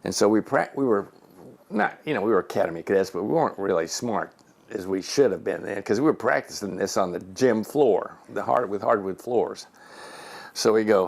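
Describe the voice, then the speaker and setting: A man's voice: on the low side, fairly quick, creaky. A man in his seventies, a retired Air Force general, telling personal stories in his home and acting out the voices in them. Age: 70s. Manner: animated storyteller who acts out quoted voices.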